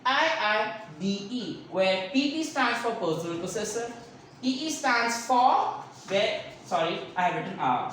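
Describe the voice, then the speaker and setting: A woman teaching an online grammar lesson, repeating key words and often checking whether students are clear. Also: on the high side, a bit bright. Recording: echoey room, distant mic, faint noise.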